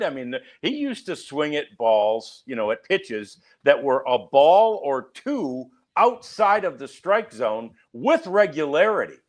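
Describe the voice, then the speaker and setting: A man with a middle-pitched voice hosts a casual sports podcast. He chats eagerly with his guest and steers the show between segments. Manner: chatty, eager host who hands off to guests. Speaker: podcast host.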